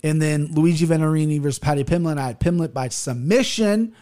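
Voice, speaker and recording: A man in his thirties rambles through a casual podcast chat, his voice sitting a little higher than most men's. He swears freely and trips over restarts as he talks. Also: brisk. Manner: profane, rambling and animated, with frequent restarts. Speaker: podcast host.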